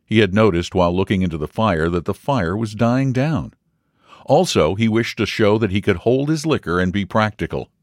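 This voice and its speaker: A man reading a story aloud as narrator, measured and expressive. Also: fairly low pitch, no room sound, studio quality. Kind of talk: audiobook reading.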